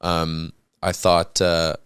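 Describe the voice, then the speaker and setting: Low smooth-voiced man chatting. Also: monotone, slow, a bit bright, dry recording, studio quality. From United States. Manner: laid-back, storytelling, laughs often. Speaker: podcast guest. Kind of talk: casual chat.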